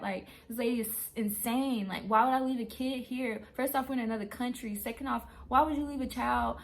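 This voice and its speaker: A woman telling a true travel story in a casual, animated way, acting out her own reactions. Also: fairly high pitch, fairly quick, vocal fry, few pauses. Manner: animated, excitable retelling. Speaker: travel vlogger.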